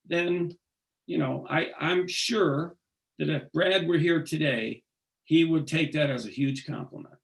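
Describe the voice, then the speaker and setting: A man being interviewed, talking earnestly and haltingly, often restarting his sentences. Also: a little high, creaky. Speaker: singer, interview guest. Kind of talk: casual interview conversation.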